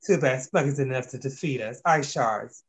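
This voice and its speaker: Cocky gloating ice witch, young villain, mid-pitched storybook read by a man. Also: moderate pace, natural voice.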